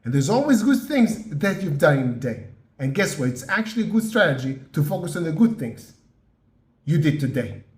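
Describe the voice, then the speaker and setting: A man giving an earnest motivational talk, slow and emphatic, often checking in with "yeah?" and "okay?". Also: fairly high pitch, big pitch swings, roomy sound. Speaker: motivational podcast host.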